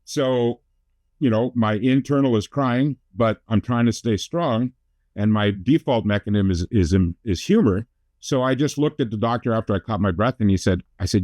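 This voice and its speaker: A man's voice: mid-range voice, a little mellow, no echo. A middle-aged man from Canada, telling his life story as a talk-show guest with self-deprecating jokes. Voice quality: jokey self-deprecating storyteller, quick asides. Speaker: guest, motivational speaker.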